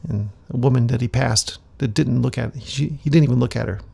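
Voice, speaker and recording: Gravelly male narrator, mid pitch, relaxed commentary while reading a comic aloud. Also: fairly quick. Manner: relaxed, musing asides. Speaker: comic author and reader.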